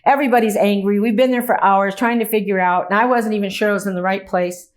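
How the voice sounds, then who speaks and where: A middle-aged woman giving a motivational talk, telling stories earnestly with touches of humor and lively quoted dialogue. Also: medium pitch, fast talker. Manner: earnest storytelling with warm humor, lively quoting. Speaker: inspirational speaker. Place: meeting or talk venue.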